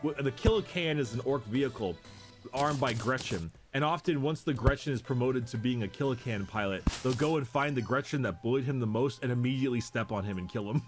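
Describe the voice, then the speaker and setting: A man's voice: medium pitch, a little fast, over music. A man co-hosting a casual podcast, explaining lore in a rambling way with many repeated words and restarts.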